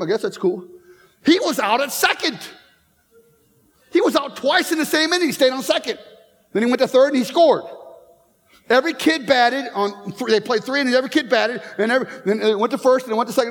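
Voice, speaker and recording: High-voiced man preaching in a reverberant hall. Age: 50s. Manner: storytelling, joking with the congregation. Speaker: pastor. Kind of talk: sermon. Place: church sanctuary.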